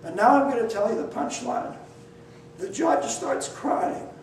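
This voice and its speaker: An older man telling a story to an audience in an animated, blunt and wry way, acting out the dialogue. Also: very high-pitched, measured pace, slight background noise. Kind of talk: lively spoken storytelling. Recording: very echoey, mic far off, faint ambience.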